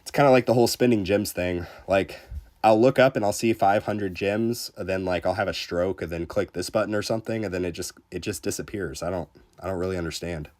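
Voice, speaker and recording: A man with a fairly low voice hosts a relaxed game livestream. He reads viewer comments aloud and answers them in a chatty, joking way. He often stumbles and restarts his sentences. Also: fairly quick. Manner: laid-back, chatty, joking, with frequent restarts. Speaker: gaming livestreamer.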